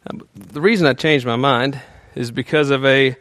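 A male pastor preaching a sermon in a relaxed, conversational way, with frequent fillers and small chuckles, dropping to a soft, hushed tone when he prays. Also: medium pitch, moderate pace, dry recording.

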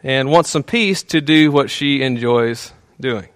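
A male pastor preaching a sermon in a relaxed, conversational way, with frequent fillers and small chuckles, dropping to a soft, hushed tone when he prays. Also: mid-range voice, a little slow, clear, resonant tone, dry recording.

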